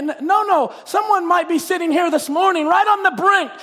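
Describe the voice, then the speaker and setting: A man delivers an impassioned sermon in a very high voice, rising to shouts and dropping to hushed scripture reading. His voice rings out with a long reverb through a church sanctuary. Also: moderate pace. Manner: impassioned, swings between shouting and quiet reading. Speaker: preacher.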